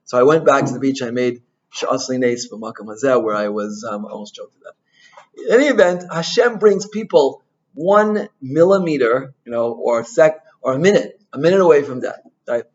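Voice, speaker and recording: A male rabbi giving an informal Torah talk, an animated storyteller who mixes in Hebrew and Yiddish terms and keeps asking "right?". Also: mid-range voice, normal speed, muffled recording.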